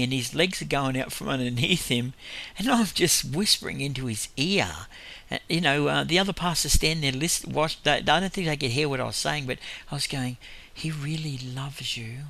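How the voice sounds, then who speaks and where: Bright-voiced man telling ministry stories. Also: a little high, gravelly. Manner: rambling storytelling with frequent chuckles. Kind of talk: informal testimony preaching.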